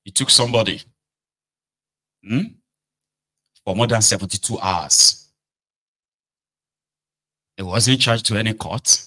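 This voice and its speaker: A man's voice: fairly low pitch, takes it slowly, long pauses, bright, forceful tone, poor audio. A man giving opinion commentary, arguing with rhetorical questions.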